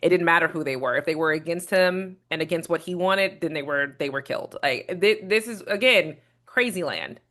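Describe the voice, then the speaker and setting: This is a woman reacting to a debate video as a reviewer. Her voice is fairly low but bright and cutting. She talks bluntly, with indignation. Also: animated, normal speed, few pauses. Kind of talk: reaction commentary.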